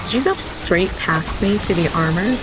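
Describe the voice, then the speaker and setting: A woman's voice: on the low side, lively intonation, over music. A young woman giving casual, playful and sweary commentary while playing a video game. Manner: playful, sweary and quick to laugh. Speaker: gaming streamer.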